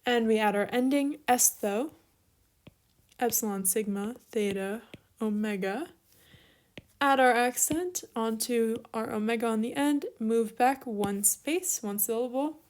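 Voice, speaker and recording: A young woman teaching an online Greek lesson, spelling out each form at an unhurried pace. Her voice sits a little high. She talks as she writes and now and then says sorry for repeating herself. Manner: steady, step-by-step explaining while writing, with small apologies.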